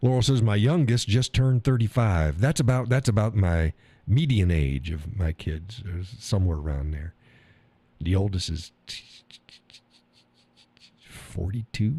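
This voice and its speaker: Crude, tired older man rambling slowly. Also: low-pitched, dark tone, slightly rough, dry recording. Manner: crude, rambling, reads chat aloud, laughs often. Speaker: live stream host. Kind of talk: casual live-stream chat.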